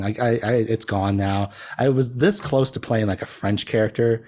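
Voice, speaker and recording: Man, podcast guest, low voice, mellow tone, rambling casual chat. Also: steady tone, normal speed, hardly any pauses. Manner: rambling, laughs often, self-deprecating.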